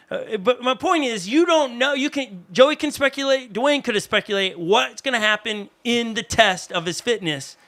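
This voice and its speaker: A pastor delivers a sermon in a high, bright voice with a forceful edge. His preaching is conversational and animated, with quick asides aimed at people in the room.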